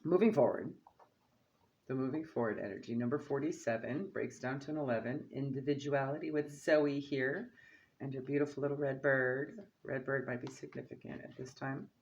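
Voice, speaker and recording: A man with an average-pitched voice gives a relaxed oracle card reading and often checks in with "okay?" and "right?". The recording sounds dull and lo-fi. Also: moderate pace, creaky.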